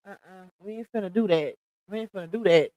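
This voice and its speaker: Talking fast in a warm, medium-pitched voice, this livestream host reads chat comments out loud. She's a middle-aged woman running a casual gossip chat, reacting with sassy slang and laughing a lot. The audio is poor, with no room sound.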